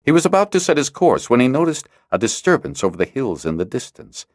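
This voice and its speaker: A man reading a fantasy audiobook as narrator, with expressive, dramatic storytelling. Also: medium pitch, brisk, no room sound, studio quality. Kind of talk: scripted narration.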